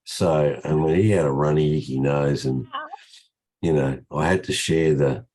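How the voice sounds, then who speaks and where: Very deep, husky older man. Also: fairly even intonation, a little slow, dark tone. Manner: rambling, restarts often, chatty. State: croaky from a cold. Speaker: trading session host. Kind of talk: casual live trading session talk. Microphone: video call.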